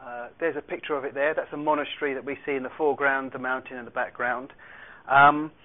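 A man's voice: mid-range voice, fairly even intonation, fast talker. A man leading a Bible study, reading verses aloud and explaining them with light asides. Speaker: Bible teacher. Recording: tinny phone-like radio sound.

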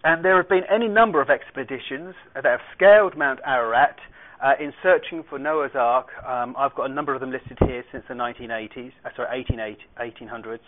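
A man teaches through a Bible passage, reading the verses aloud and then explaining them with the odd dry aside. His voice sits in an ordinary middle pitch. The sound is narrow and tinny, like a phone line or radio broadcast. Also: brisk. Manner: explanatory, reads scripture aloud, light asides.

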